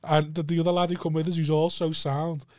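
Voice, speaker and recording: A man's voice: fairly high pitch, level tone, quick pace, darkish tone, no echo, studio quality. A young man, chatting casually and telling a rambling, sweary story, often laughing. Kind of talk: casual chat.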